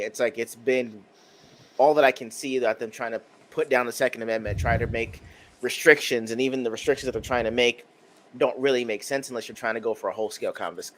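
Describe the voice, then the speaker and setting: A man in his thirties talks on a podcast over a video call, his voice bright and forward at an ordinary pitch. He thinks aloud, pausing and restarting as he works through his points. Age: 30s. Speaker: podcast co-host. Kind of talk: casual chat. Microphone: home mic on a video call.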